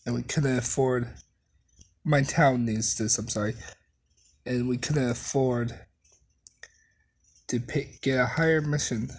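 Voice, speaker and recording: Old guy confessing, halting and sorry, husky, read plainly by a storyteller. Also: mid-range voice, fairly even intonation. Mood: remorseful. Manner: remorseful, halting. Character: apologetic old man bridge builder. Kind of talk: fan story narration.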